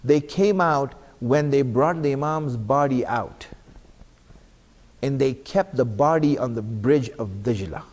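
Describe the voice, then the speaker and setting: A man's voice: medium pitch, unhurried, darkish tone. A man giving an earnest sermon at a mosque, putting repeated questions to the congregation. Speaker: speaker at an Islamic center. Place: mosque hall. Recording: long hall reverb.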